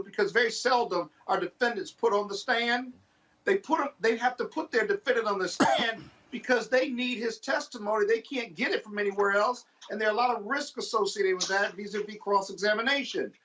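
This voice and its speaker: A man commenting on a panel in a forceful, explanatory, lawyerly way. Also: high voice. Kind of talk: panel discussion. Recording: dull lo-fi remote audio.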